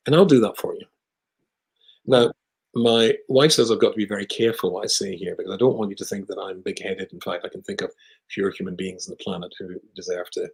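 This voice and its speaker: A man with a British accent, a rabbi telling a long personal story in conversation, with lively asides. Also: fairly low pitch, gravelly, rough recording. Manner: animated anecdotal storyteller with asides.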